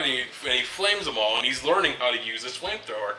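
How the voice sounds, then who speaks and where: A man with a very bright, ringing voice chats casually about a film, chuckling as he retells scenes. He sits far from the mic in a roomy, echoing space, with faint music playing behind him. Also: mid-range voice, expressive, fast, few pauses. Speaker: co-host movie reviewer. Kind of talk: casual movie review chat.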